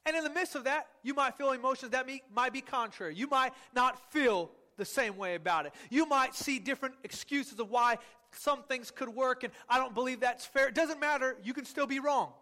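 A man's voice: extremely high pitch, sharp tone. A male pastor preaching a sermon, stretching out words for emphasis and calling on the congregation to repeat after him. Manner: emphatic, drawn-out words for stress.

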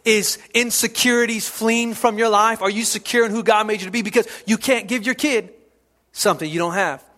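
A middle-aged male pastor with a high, bright, ringing voice delivers a sermon. He repeats his key lines for emphasis and swings from hushed drops into loud, emphatic bursts. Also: steady tone, a little fast. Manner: preaching with repetition and sudden shouts.

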